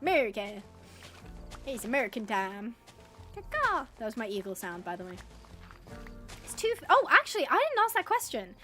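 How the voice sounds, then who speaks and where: A woman's voice: on the high side, sing-song, fairly quick, pauses often, sharp tone, soft background music. An English woman live-streaming a game, chatting casually and rambling, laughing often as she reads out the chat. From England.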